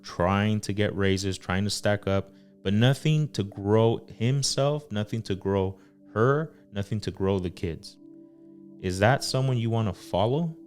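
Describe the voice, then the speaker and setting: A man with a deep, low-pitched voice talks earnestly about faith and family as a podcast host. He speaks casually and often pauses or says um mid-thought. Soft music plays faintly in the background. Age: adult father. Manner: earnest, full of fillers and pauses. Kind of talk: casual faith-based talk.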